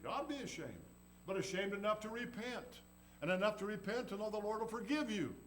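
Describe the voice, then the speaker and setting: A man's voice: high voice, lively intonation, brisk, a bit bright, low-quality recording. A man preaching a sermon in a folksy, storytelling way, acting out the people in the story. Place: church. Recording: faint background noise and hum.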